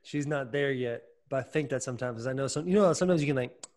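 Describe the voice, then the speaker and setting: A man's voice: mid-range voice, quick pace, darkish tone. A man hosting a podcast in loose, joking, casual chat, swearing freely. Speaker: podcast host.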